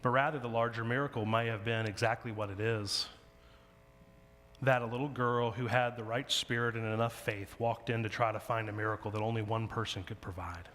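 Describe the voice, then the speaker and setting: A pastor preaches a sermon, animatedly telling a story and acting out its characters' dialogue. His fairly low voice is steady, brisk and a bit bright, with long hall reverb on the recording.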